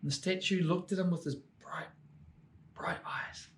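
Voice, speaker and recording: A man telling a story to children at church, swinging between lively and hushed delivery. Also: sits high, unhurried, whispered.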